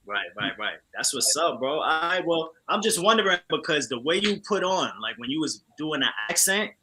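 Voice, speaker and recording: A man co-hosting a talk show, speaking in relaxed, slangy, enthusiastic casual chat. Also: a little high, normal speed, crowd noise. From family from Trinidad. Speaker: co-host.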